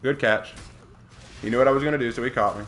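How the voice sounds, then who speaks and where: A man from the American South talks his way through a gaming live stream. His voice sits at a middle pitch, and he chats loosely with viewers, answers their messages and often stumbles and repeats himself as he goes. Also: fast talker, fairly bright tone, slight background noise. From Southern United States. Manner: chatty, answers viewer chat, frequent restarts and repeats. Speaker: game streamer. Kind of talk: casual live-stream chat while gaming.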